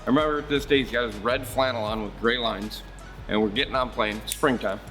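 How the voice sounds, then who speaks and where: A man's voice: mid-range voice, steady tone, brisk, fairly bright tone, faint music behind. Blunt, rambling man telling shop stories. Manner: blunt, rambling storyteller who swears freely. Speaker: marine service shop host. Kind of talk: casual shop talk.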